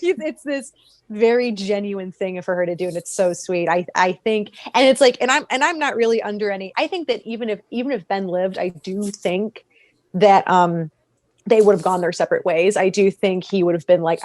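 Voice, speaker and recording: A woman talking casually on a podcast, animated, often laughing and acting out characters' lines with sudden jumps in pitch. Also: normal speed, no echo. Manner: animated, acts out characters' lines mid-sentence; frequent laughter and restarts. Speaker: podcast guest.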